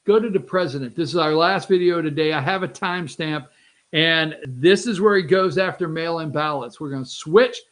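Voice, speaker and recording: A host riffs over video clips in an animated, mocking way, talking straight to the viewers. The voice sits in a middle register and keeps jumping between asides and questions. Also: mid-range voice. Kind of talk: casual commentary over clips.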